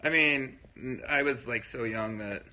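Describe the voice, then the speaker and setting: A man's voice: medium pitch, unhurried, bright, forceful tone, rough recording. A man hosting a casual livestream, talking loosely to his viewers and answering their comments, rambling with lots of fillers and frequent check-ins. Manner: rambling, filler-heavy, keeps checking in with listeners. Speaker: livestream host.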